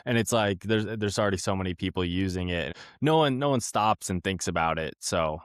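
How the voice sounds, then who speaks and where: A male podcast host with a somewhat low voice, speaking casually and agreeably. He hedges often with fillers as he responds to his guest. The sound is dry and close, with no echo. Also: fairly quick. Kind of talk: casual interview talk.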